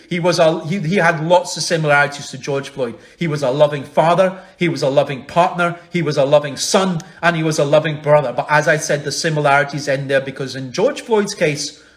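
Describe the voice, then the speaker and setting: A man, a human rights lawyer, giving an angry, forceful protest speech over a video call, building his points through repetition. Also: on the high side. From Scotland. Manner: forceful, rhetorical, repetitive emphasis. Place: home, online protest.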